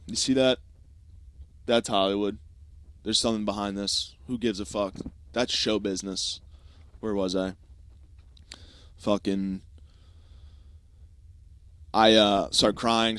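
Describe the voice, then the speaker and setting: A young man hosting a podcast, telling a comic story in a profane, animated style and acting out quick asides. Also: lowish voice, clean tone, no echo. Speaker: podcast host. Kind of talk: comedic storytelling monologue.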